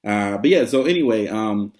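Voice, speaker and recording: Casual vlogger, a man with a lowish voice, talks loosely with plenty of ums. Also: expressive, normal speed, a little mellow. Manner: chatty, rambling, many fillers, laughs often. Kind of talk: casual vlog update.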